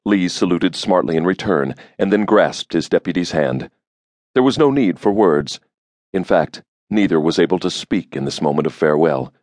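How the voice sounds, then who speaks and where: Deep-voiced male audiobook narrator. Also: normal speed, no echo, studio quality. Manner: steady, grave storytelling. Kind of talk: scripted narration. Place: studio booth. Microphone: close studio mic.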